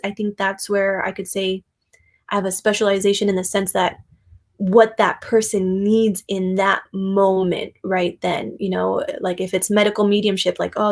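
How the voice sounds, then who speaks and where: A woman guest, a psychic and shamanic yoga instructor, talking casually in a chatty storytelling way with frequent laughter and fillers. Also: mid-range voice. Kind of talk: casual conversation.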